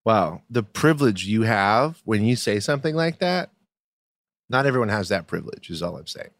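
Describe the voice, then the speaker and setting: Lively joking man, dry close sound. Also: lowish voice, moderate pace, no room sound. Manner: animated, mock-outraged, jokey rants. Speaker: podcast co-host. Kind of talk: comedic casual chat.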